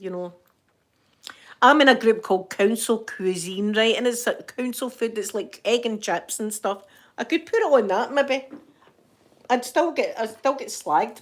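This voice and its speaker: An older Scottish woman talking straight to camera from her home. She rambles happily in a mid-height voice and breaks into laughter often. Her tone stays homely and affectionate toward her viewers. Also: mid-range voice. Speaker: vlogger. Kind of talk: casual chat to camera.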